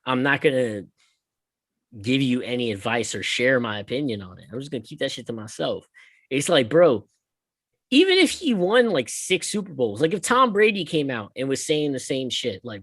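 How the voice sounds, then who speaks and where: A male podcast host ranting in loose, profane chat, his pitch leaping all over the place. He swings from loud bursts down to muttered asides, recorded close and dry with no room sound. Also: expressive, moderate pace, dry recording.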